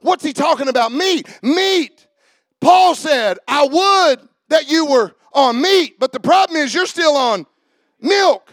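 A man preaching a sermon, animated and shouting, joking with the congregation. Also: extremely high pitch, takes it slowly, no room sound. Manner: animated, shouting preaching with laughs and audience calls.

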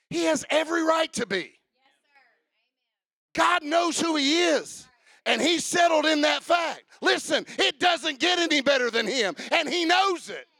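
A man preaches a sermon with fervent, rhythmic energy, building repeated lines into shouted call-outs and sung refrains. His very high voice has a gravelly rasp and a bright, tense edge, recorded dry and close.

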